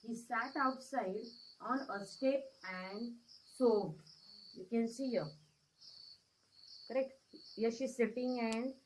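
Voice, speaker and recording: A woman's voice: on the high side, a little hiss or hum, poor audio. A woman teacher with an Indian accent reading a story in an English lesson, often repeating herself and asking if the class follows. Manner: repetitive, checks understanding with questions. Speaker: schoolteacher.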